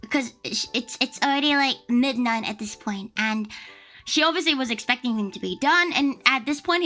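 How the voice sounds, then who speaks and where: A young woman from Australia streaming as a VTuber, chatting in an animated, swear-laden storytelling way. Her voice sits high and sounds bright and sharp. Soft music plays faintly underneath. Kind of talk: casual storytelling chat.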